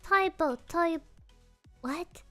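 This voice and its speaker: A woman's voice: very high voice, extremely slow, sharp tone, dry recording, soft background music. A woman virtual streamer chatting casually with a non-native English accent, playful and giggly, repeating silly phrases. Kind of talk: casual live stream chat.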